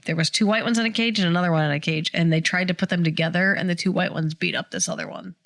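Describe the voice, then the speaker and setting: A woman's voice: on the low side, fast, creaky. A middle-aged woman on a podcast, casually telling a family story and acting out the voices she quotes. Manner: animated retelling, acts out quoted voices. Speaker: podcast co-host.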